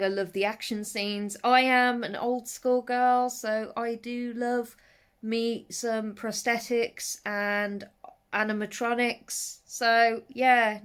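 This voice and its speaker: A woman's voice: a little high, clean tone. A woman from the English West Midlands with a faded Brummie accent, chatting casually and rambling in a home vlog about horror movies. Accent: faded Brummie / Black Country. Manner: chatty, rambling, lively with frequent asides. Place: at home, settled under a blanket.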